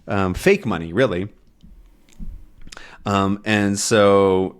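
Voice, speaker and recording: Slow-talking male English teacher. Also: on the low side, animated. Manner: slow, clear explaining with frequent "right?" checks. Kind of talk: explaining a comic for learners.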